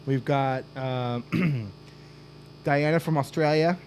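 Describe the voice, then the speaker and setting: A man's voice: mid-range voice, slow pace, darkish tone, slight background noise. A man hosting a casual podcast, loosely reading out viewer comments and joking with his co-hosts. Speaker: podcast host. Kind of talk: casual chat.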